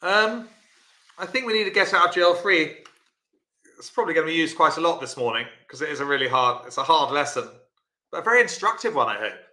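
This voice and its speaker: Bright-voiced man teaching bridge. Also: a little high, expressive, brisk, echoey room. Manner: chatty, encouraging, answers viewers by name. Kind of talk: live-streamed bridge lesson.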